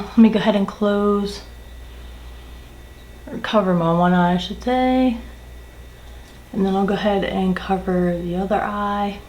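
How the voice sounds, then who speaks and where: A woman chats casually to camera while doing her makeup, slipping into exasperated rants with casual swearing. Her voice sits at a middle pitch. The room around her is echoey, with a faint hiss underneath. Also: a little mellow. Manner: ranting, exasperated storytelling. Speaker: makeup vlogger.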